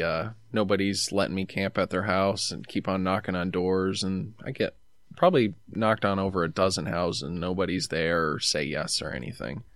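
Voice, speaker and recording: A man's voice: low-pitched, fairly bright tone, dry recording, studio quality. A man telling a long travel story in a rambling, laid-back way, acting out what people said to him. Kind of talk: casual storytelling.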